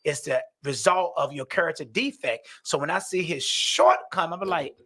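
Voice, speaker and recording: A man's voice: fairly high pitch, normal speed, pushed and bright, slightly rough. A man talking earnestly and animatedly about recovery as a peer worker and sponsor, often saying "you know". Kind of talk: casual conversation.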